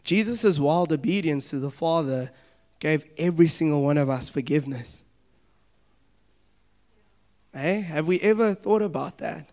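A young man preaches with a fairly high voice, keeping it loose and conversational. He slips into quick acted-out exchanges and checks in with his listeners as he goes. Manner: conversational, animated preaching with asides and acted-out dialogue. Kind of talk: sermon.

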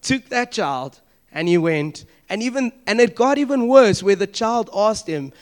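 High-voiced man preaching. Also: unhurried. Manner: conversational, animated preaching with asides and acted-out dialogue. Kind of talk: sermon.

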